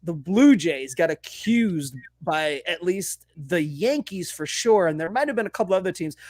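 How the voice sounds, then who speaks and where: A man's voice: high-pitched, dry recording. A man co-hosting a sports podcast, talking casually and animatedly, swearing and mocking people with put-on quotes. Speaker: podcast co-host.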